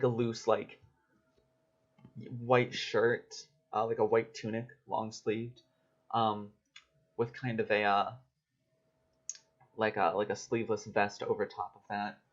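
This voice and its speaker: A man with a fairly low voice narrates a tabletop game as game master, hesitating often and filling gaps with "like" and "um". The recording is dull and lo-fi. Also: level tone, takes it slowly, pauses often, fairly bright tone. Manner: hesitant, full of fillers.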